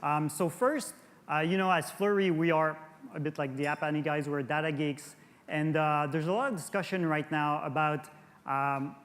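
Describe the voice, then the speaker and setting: A French Canadian conference speaker with a fairly high, slightly bright voice keeps a fairly even intonation and moderate pace during his industry presentation. He stumbles, restarts and repeats words, his voice ringing with the long reverb of a large hall.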